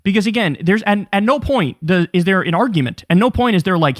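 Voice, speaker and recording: A man's voice: sits high, fast, hardly any pauses. A man in his thirties hosting a casual political commentary show, ranting with sarcasm and plenty of swearing. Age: 30s. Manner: profane, animated, sarcastic ranting.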